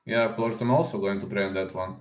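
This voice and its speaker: A man's voice: lowish voice, fairly even intonation, quick pace. A man hosting a casual livestream, chatting with viewers, speaking as a with lots of fillers. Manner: chatty, many fillers and "man", reads chat aloud. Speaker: livestream host making fight predictions. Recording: roomy echo.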